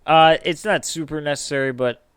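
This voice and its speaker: A man hosting a casual podcast, telling a story in an animated way with drawn-out emphasis. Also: fairly high pitch, clear, resonant tone, no echo. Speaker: podcast host.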